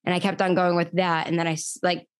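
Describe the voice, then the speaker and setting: A young woman from New York talks through her story in a loose, chatty way, full of "like" fillers. Her voice sits a bit low for a woman. The sound is dry and close to the mic, with no room around it. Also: level tone, fast, smooth, no room sound. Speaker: podcast host and guest. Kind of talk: casual storytelling interview.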